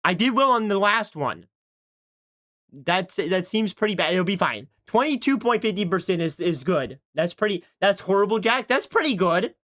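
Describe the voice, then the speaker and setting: A man's voice: high-pitched, sing-song, normal speed, pushed and bright. A man livestreaming in casual chat, talking to his viewers in a self-mocking way from his home setup into a desk microphone. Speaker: streamer.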